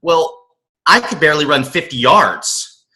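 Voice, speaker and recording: A middle-aged man from the US West Coast recounts his story in a casual interview, speaking with a somewhat high, bright, forward voice. He is earnest and animated, slipping into his past inner voice, and often trips over and repeats words as he goes. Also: a little slow. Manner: frequent restarts and repeated words. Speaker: motivational coach, podcast guest.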